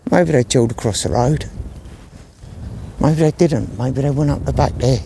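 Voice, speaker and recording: A man's voice: medium pitch, normal speed, gravelly, dark tone, slight background noise. A man chatting casually and rambling in slang while filming himself on an outdoor country walk. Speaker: vlogger. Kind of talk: casual outdoor vlog chat.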